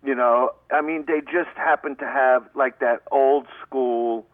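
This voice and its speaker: A man's voice: medium pitch, fairly even intonation, a little slow, dry recording. A middle-aged man from Brooklyn with a Brooklyn accent, a comedian talking brashly and rambling through a phone-in radio interview. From Brooklyn, New York. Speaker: guest comedian. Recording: tinny phone line, dry.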